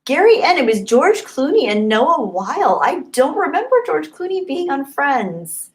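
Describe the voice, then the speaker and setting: A young woman hosting a casual livestream, reading super chats and thanking viewers. She gushes and gets excited, and she thinks aloud as she scrolls the chat. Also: sits high, unhurried. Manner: bubbly, gushing and excitable. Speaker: livestream host.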